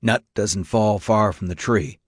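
A man's voice: lowish voice, a little slow, no echo, studio quality. A man playing an aggressive, patronizing sheriff's deputy who speaks curtly. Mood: hostile. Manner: curt, patronizing. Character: aggressive gum-chewing male deputy, patronizing.

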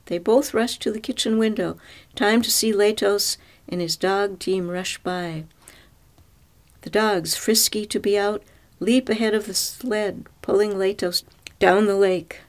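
A woman narrating a story aloud in an even, measured reading voice. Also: mid-range voice.

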